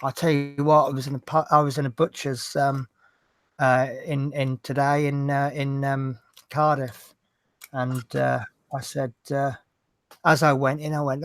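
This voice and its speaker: A man's voice: medium pitch, little pitch movement, unhurried, dry recording. A man hosting a casual hobby show, rambling through jokes and banter. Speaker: host. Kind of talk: casual chat, telling jokes.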